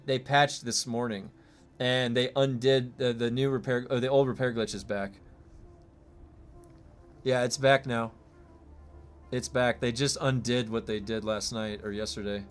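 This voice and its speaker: A man streaming a game live, thinking aloud and reacting excitedly, swearing when things break. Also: medium pitch, a little slow, smooth, faint music behind. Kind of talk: live gameplay streaming commentary.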